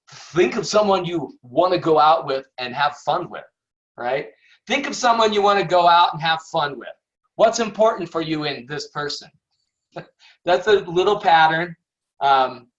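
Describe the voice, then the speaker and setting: A man's voice: sits high, fairly bright tone. A man teaching sales questioning techniques on a video call, talking casually, acting out sample questions and laughing often. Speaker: sales coach. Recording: dull lo-fi video call audio.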